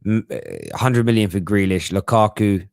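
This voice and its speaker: A man's voice: fairly low pitch, huge pitch swings, moderate pace, gravelly, a little mellow, no echo, studio quality. A young man hosting a casual live chat, jokey and slangy, laughing often. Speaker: livestream host.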